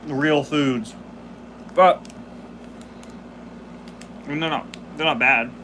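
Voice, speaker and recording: A man's voice: mid-range voice, pushed and bright, a little hiss or hum. A man in his twenties hosting a casual live stream, chatting, laughing and reading the chat aloud while chewing candy. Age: 20s. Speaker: host.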